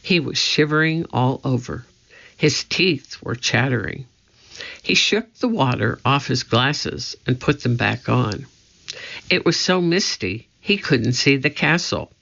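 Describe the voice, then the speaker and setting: A man narrating a children's storybook in a measured, suspenseful way. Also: medium pitch, animated, creaky, pushed and bright. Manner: slow, measured, suspenseful reading. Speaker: audiobook narrator. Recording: dull lo-fi recording.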